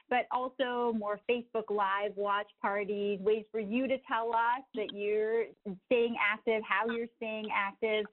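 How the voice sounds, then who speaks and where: Lady hosting a webinar, steady voice, thin tinny call audio. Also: medium pitch. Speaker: webinar moderator. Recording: tinny phone-like line.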